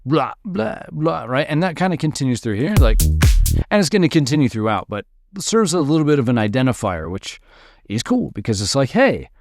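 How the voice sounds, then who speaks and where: A man teaching music production in a relaxed, upbeat way, walking through a dance track and sometimes mimicking its sounds with his voice. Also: mid-range voice, a little fast. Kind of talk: screen-recorded music production tutorial. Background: dance track playing faintly.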